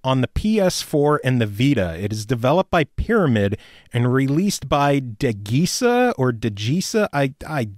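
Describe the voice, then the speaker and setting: A man hosts a casual podcast, trading crude jokes and breaking into laughter often. His voice sits at a middle pitch and is recorded close and dry, with little room sound. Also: very animated, normal speed, darkish tone, no echo. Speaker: podcast host.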